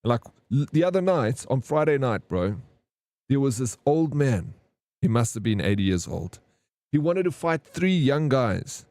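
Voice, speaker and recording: A man's voice: medium pitch, big pitch swings, measured pace, a little mellow, no echo. Chatty man with a dry sound. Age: 30s. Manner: rambling storyteller, slangy, says "bro" often. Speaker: streamer. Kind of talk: casual live-stream chat with viewers.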